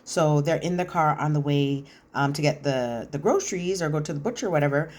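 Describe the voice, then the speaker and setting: Opinionated woman recapping with lively asides. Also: low voice, a little fast. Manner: animated, opinionated retelling with slang asides. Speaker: reality TV commentator. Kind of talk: casual recap commentary.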